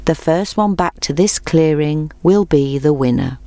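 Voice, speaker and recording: A woman voicing a patient, steady male tortoise in a storybook reading, slow and gentle in manner. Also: low voice, no room sound. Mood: calm.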